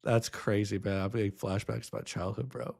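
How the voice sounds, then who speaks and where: A man's voice: lowish voice, steady tone, fairly quick, vocal fry, a little mellow. A young adult man streaming, reacting with emotion, choked up and nostalgic, humming a melody now and then.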